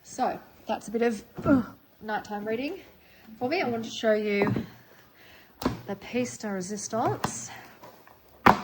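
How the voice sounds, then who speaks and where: A middle-aged woman chatting casually in a vlog, gushing excitedly over her finds. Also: fairly high pitch, a little slow, long pauses, background noise. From Australia. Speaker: vlogger. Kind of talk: casual chat.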